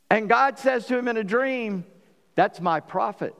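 Man, pastor, sermon, high voice, animated delivery, long hall reverb. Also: unhurried, creaky. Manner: animated preaching, acts out biblical voices.

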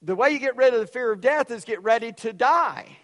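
A man preaching a sermon, loud and emphatic, dropping suddenly to quiet for effect. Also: extremely high pitch, expressive, a little fast, big-room sound. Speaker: pastor.

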